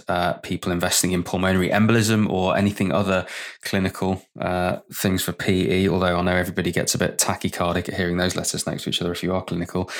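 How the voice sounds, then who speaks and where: A man hosting a podcast, introducing stories in casual chat with jokey asides. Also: sits low. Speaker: podcast host.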